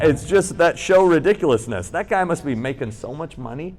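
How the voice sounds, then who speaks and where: A man's voice: fairly high pitch, lively intonation, a little fast, few pauses. A man co-hosting a podcast recorded live on a convention panel, telling a rambling, profane story and acting out the people in it. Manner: rambling, profane anecdotes with acted-out quotes. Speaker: podcast co-host.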